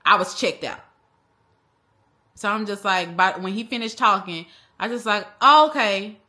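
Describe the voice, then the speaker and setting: A young woman telling a personal story in a casual, animated way, using slang and acting out the other people. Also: mid-range voice, a little slow. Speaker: vlogger. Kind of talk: storytime vlog.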